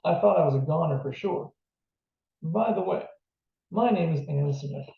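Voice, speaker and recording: Man reading as a sharp, skeptical middle-aged nurse, storybook reading, gravelly, pitched up, distant roomy lo-fi sound. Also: lively intonation, normal speed. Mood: recounting. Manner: sharp and incredulous.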